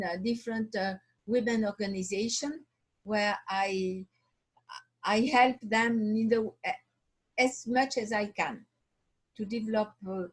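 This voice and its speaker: A woman from Switzerland, a watch designer, telling her story in an interview over a video call, halting and often restarting as she searches for words. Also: mid-range voice, breathy edge, low-quality recording.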